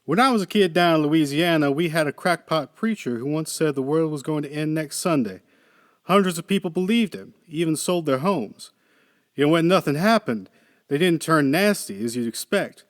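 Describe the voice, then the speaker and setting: A man reading the part of a weary, skeptical male engineer with a dry, gruff manner. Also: a little high, lively intonation, moderate pace, no echo, pitched above the performer's own voice, natural voice. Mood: musing.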